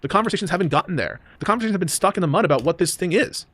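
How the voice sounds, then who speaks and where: A man's voice: high-pitched, lively intonation, rapid-fire, fairly bright tone, dry recording. A man in a debate discussion, speaking in a defensive, insistent way.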